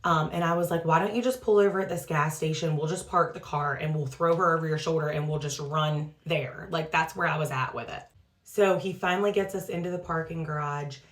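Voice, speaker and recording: Low-voiced mother telling a story. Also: fairly even intonation, brisk. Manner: emotional retelling, fillers like "like" and "um"; trying a skincare product while talking. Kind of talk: casual storytelling vlog.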